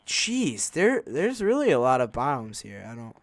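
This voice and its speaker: A man's voice: medium pitch, wildly swooping pitch, no echo. A man chatting casually while playing a game, rambling along with lots of fillers. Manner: rambling and unhurried, with many fillers. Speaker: gaming channel host. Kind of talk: casual gameplay commentary.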